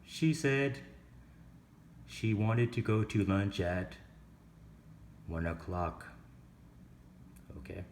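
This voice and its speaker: A man's voice: lowish voice, animated, very slow, long pauses, darkish tone, a little hiss or hum. A man teaching an English lesson, explaining grammar and pronunciation step by step and asking the class questions.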